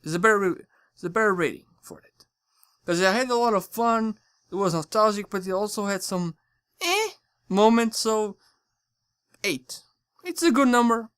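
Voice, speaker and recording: A channel host giving a casual spoken review, rambling and excitable, often stumbling and correcting their words. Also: mid-range voice, moderate pace, clean tone, dry recording, clean studio sound.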